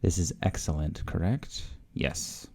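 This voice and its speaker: A man's voice: deep voice, measured pace, gravelly, dark tone, breathy edge. A man learning a language on video, thinking aloud in a casual, hesitant way with lots of fillers and guesses.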